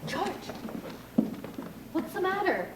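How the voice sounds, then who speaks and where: A woman's voice: extremely high pitch, slow, exaggerated voice. A young woman in a school play, acting a stern mother who scolds her grown son. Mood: scolding. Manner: scolding, lively stage delivery. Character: stern, flustered mother of the groom. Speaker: student actor in a school play. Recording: distant stage voice, echoey hall, noisy.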